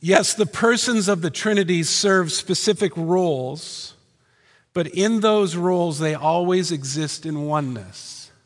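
A man preaching a sermon as pastor, animated and punchy, firing rhetorical questions at the congregation. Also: high-pitched, measured pace. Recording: long hall reverb.

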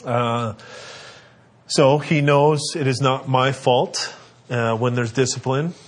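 A man in his thirties, a father, casually telling family stories and giving parenting advice, acting out his kids in high squeaky voices. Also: takes it slowly. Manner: animated, acts out kids' voices in a high pitch.

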